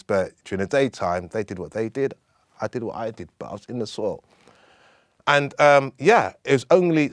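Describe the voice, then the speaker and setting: A man in his fifties, a guest in an interview, telling stories from his life in an animated way. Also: on the low side, no room sound, clean studio sound. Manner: animated, acts out other people's voices as he tells stories. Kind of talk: storytelling interview.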